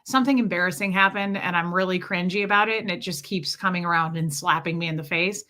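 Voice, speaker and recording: A woman's voice: fairly low pitch, fast, bright, forceful tone. A woman hosting a casual livestream, greeting viewers by name in a chatty, self-deprecating way while nursing a headache. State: has a headache. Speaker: livestream host.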